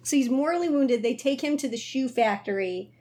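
A woman's voice: sits high, lively intonation, brisk, mellow. A woman co-hosting a casual chat, animatedly retelling film scenes with lots of laughter. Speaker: podcast co-host.

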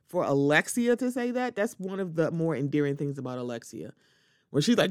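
A woman's voice: mid-range voice, sing-song, a little fast, dry recording, studio quality. A woman hosting a solo podcast, giving casual, sassy commentary and often acting out other people in quoted voices. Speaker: podcast host.

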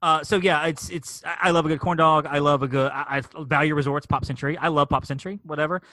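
A man's voice: a little high, steady tone, quick pace, sharp tone, no echo. A middle-aged man co-hosting a podcast, chatting casually and rambling enthusiastically, with many restarts and fillers. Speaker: podcast co-host. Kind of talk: casual chat.

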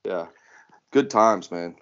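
A man's voice: deep voice, expressive, slow, fairly bright tone, smooth, dull audio. A man co-hosting a podcast in casual chat, laid-back, laughing often and saying "like" a lot. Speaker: podcast co-host.

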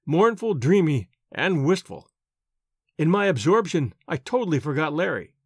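Expressive male audiobook narrator. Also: a little high, slightly rough, no room sound, studio quality. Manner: measured, expressive reading.

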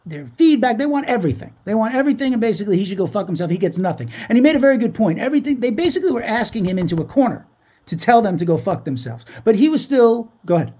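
A man co-hosting a podcast, retelling a business story in animated, profane casual chat. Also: high-pitched, racing. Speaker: podcast co-host.

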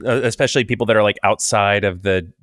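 A man hosting an interview, asking questions in a halting, searching way with many restarts. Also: fairly low pitch, a bit bright, no echo, studio quality. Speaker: podcast host. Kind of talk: interview conversation.

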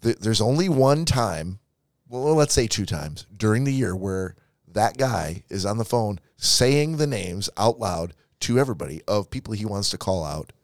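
Man, podcast co-host, blunt, opinionated, swears, low voice, dry close sound. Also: lively intonation, normal speed, no echo. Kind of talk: casual chat.

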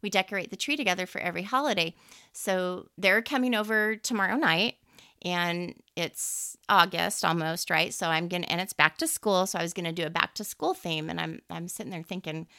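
A woman host and teacher chatting casually about faith, animated and leaping up in pitch whenever she quotes someone. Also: brisk, no room sound, studio quality. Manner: animated, jumps high when quoting people.

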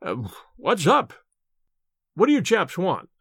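A man's voice: sits high, huge pitch swings, slow pace, fairly bright tone, husky, no room sound, clean studio sound, full character voice. Man doing a haunted, evasive scholar. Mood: rattled. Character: haunted male scholar, rattled yet evasive.

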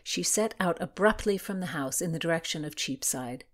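A woman's voice: fairly low pitch, animated, moderate pace. Woman narrating a historical novel. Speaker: audiobook narrator. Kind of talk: scripted narration.

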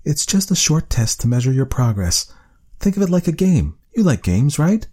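A man voicing a female research doctor who speaks softly and sweetly to a child. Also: fairly high pitch, big pitch swings, normal speed, slightly rough, voice pushed up. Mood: soothing. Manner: soft, coaxing and friendly.

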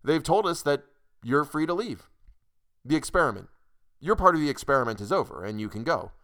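A man's voice: a little high, big pitch swings, brisk, a bit bright, pitched above the performer's own voice. A man voicing a fussy, fatherly boss. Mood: soothing. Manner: effusive, apologetic, repeats himself.

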